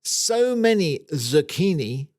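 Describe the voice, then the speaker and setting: A man's voice: fairly high pitch, big pitch swings, slow, a little mellow, dry recording, clean studio sound. A man co-hosting a garden show, chatting casually and spinning playful comic stories. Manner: playful storyteller, spins comic scenarios. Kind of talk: casual podcast banter.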